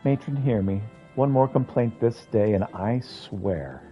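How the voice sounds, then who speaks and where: A man's voice: mid-range voice, expressive, unhurried, warm tone, soft background music, lightly acted. A man voicing an older woman, a stern matron with a put-on American Southern accent, prim and formal in her scolding. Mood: weary.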